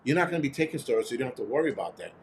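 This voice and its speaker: Man, live-stream host, casual rant, profane, blunt, mid-pitched voice, responds to comments. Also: expressive, very fast, slight background noise. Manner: mimics others in quoted voices.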